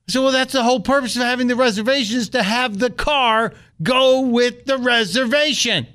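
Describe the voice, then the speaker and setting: A man's voice: extremely high pitch, moderate pace, hardly any pauses, dry recording, studio quality. A middle-aged American man hosting a radio talk show, telling a story and acting out the voices he quotes. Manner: animated, acts out quoted voices. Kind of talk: storytelling monologue.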